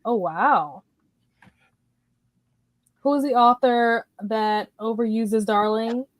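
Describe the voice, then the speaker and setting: A woman's voice: fairly high pitch, slow pace, no room sound. A woman in her thirties hosting a casual livestream, greeting viewers by name as she chats about books. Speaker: livestream host.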